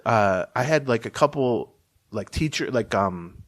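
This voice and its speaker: A man's voice: medium pitch, lively intonation, a little slow. Podcast co-host, male, Minnesota accent edging toward Chicago, wandering self-deprecating delivery. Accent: Minnesota, leaning Chicago. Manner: rambling, self-deprecating, many restarts. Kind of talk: casual sports podcast chat.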